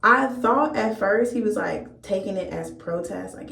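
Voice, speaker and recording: A woman's voice: mid-range voice, lively intonation, unhurried, fairly bright tone. A young woman vlogger telling a storytime tale in a candid, profane, amused way. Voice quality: gravelly vocal fry. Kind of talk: storytime chat. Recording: echoey room.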